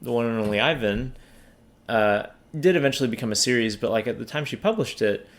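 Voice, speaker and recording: A man's voice: medium pitch, lively intonation, a little fast. A man co-hosting a casual book podcast, talking hesitantly with many fillers and restarts. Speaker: podcast co-host.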